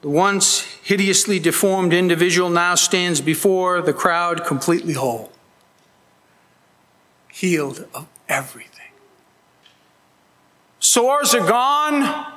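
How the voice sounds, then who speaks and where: A man's voice: high voice, animated, slow, long pauses, fairly bright tone. A man preaching a sermon as pastor, earnest and emphatic, pleading with his listeners. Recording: long hall reverb.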